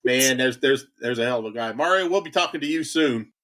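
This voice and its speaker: This is a man in the middle range of pitch, hosting a casual podcast. He jokes around, laughs a lot and stumbles over repeated words. He speaks from a home garage bar. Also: animated, brisk, sharp tone. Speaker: podcast host. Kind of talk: casual chat.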